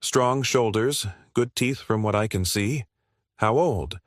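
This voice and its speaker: A man's voice: on the low side, slow pace, no room sound, clean studio sound. A man voicing a stout, cold slave buyer with a Georgia accent.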